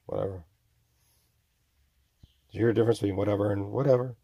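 A man in his forties mumbles his way through a self-recorded monologue, stretching out exclamations and voicing tormentors he has imagined. The voice is lowish and steady, warm in tone and slightly rough.

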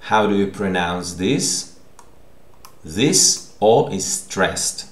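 Slow, deep-voiced gravelly male teacher. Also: lively intonation. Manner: patient and explanatory, often checking with "okay?". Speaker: language teacher. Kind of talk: recorded online language lesson. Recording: echoey room.

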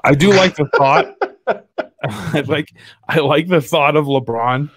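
A man's voice: on the high side, takes it slowly, fairly bright tone, breathy edge, no room sound, clean studio sound. A man co-hosting a casual sports podcast, joking and laughing often as he reacts to what he finds online. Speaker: podcast co-host. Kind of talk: casual chat.

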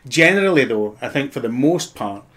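A Scottish actor as a podcast guest, telling lively anecdotes with plenty of swearing. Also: male voice, medium pitch, a little fast. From Scotland. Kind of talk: casual podcast chat.

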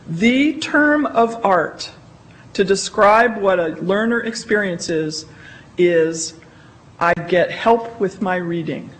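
A woman's voice: mid-range voice, poor audio. A woman speaking to a room as a library consultant. Her delivery is conversational and emphatic. She often slips into acting out what people said, stressing key phrases. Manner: emphatic, conversational, acts out quoted remarks. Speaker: library consultant presenting research. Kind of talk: conference presentation.

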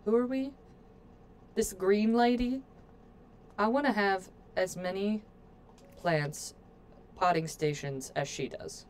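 A woman's voice: medium pitch, slow, long pauses, a little hiss or hum. A woman streaming a game, chatting playfully to her viewers as she plays. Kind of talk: casual gameplay commentary.

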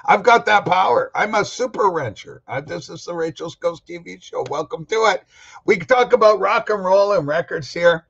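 A man's voice: high-pitched, moderate pace, vocal fry, a bit bright, husky, dull audio. A man hosting a casual record-collecting livestream, rambling and joking as he answers the chat. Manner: rambling, jokey, talks back to chat commenters. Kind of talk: casual live-chat talk.

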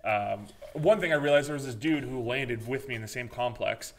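A man co-hosting a podcast, casually chatting about games and telling animated stories, swearing freely and acting out his own reactions. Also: mid-range voice, moderate pace, a little hiss or hum. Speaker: podcast co-host. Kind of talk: casual gaming chat.

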